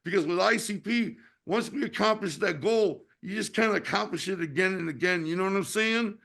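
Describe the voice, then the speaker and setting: High, gravelly man in his fifties, passionate. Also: brisk, fairly bright tone. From United States. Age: 50s. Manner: passionate, profane, repeats "you know what I mean". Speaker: podcast host and wrestling promoter. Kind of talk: casual chat.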